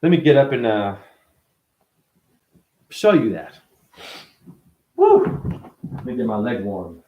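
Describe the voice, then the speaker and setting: A man giving a rambling, profane spiritual talk as a teacher, now and then breaking into sudden high yelps and exclamations. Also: lively intonation, measured pace, phone-quality sound, a little hiss or hum. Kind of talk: animated spiritual monologue.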